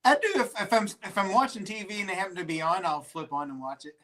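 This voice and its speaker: A man's voice: high voice, expressive, quick pace, fairly bright tone. A man joining a live stream as a guest, chatting easily and telling short stories. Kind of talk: casual chat.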